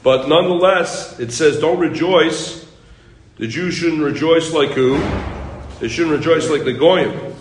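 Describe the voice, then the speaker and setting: A man teaching a Talmud class, quizzing his students with quick questions and pushing them to read on. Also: fairly high pitch, reverberant, rough recording.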